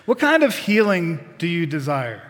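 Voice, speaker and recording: A man's voice: on the high side, very animated, normal speed, big-room sound. A man preaching a sermon, putting direct questions to the congregation with folksy asides.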